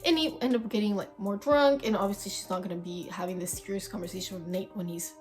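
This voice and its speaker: A woman's voice: medium pitch, fast, a little mellow. Chatty young woman telling a story. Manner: chatty, dramatic storyteller, swears freely. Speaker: vlogger. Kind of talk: casual storytime chat. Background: faint background music.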